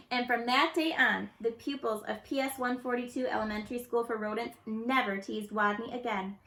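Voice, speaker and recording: A woman's voice: on the high side, normal speed, hardly any pauses. A woman expressively reading a children's picture book aloud, recorded in an echoey room. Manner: expressive, lively storybook reading. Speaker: storyteller.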